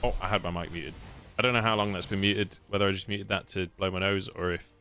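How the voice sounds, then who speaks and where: A man with a British accent casting a live esports match on a casual co-stream, excitable and swearing freely. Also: low voice, fast. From United Kingdom. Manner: excitable, swears freely, laughs between plays. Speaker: esports caster.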